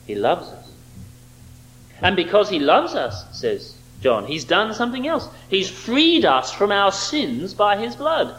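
A man's voice: high-pitched, fairly bright tone, poor audio. A man preaching a sermon, emphatic and fond of rhetorical questions.

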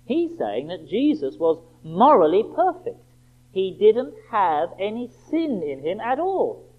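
A man preaching a sermon, emphatic and rhetorical, slowing right down for quoted scripture. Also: high voice, sing-song. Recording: tinny phone-like band.

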